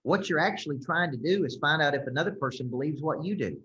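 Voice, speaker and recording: A man's voice: on the high side, expressive, fast talker, fairly bright tone. A man coaching a group, speaking emphatically and checking in often with "okay?" and "right?". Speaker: business coach. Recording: roomy, slightly dull sound.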